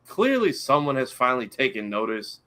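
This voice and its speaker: A man co-hosting a casual pop-culture podcast, talking in a relaxed, slangy, enthusiastic way. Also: mid-range voice, moderate pace. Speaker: podcast co-host. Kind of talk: casual chat.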